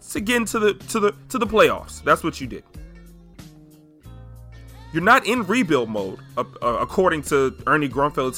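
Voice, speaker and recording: A man in his twenties hosting a solo sports podcast, talking emphatically and hammering his points home with repetition. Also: sits high. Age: 20s. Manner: emphatic, animated, repeating points for effect. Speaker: podcast host.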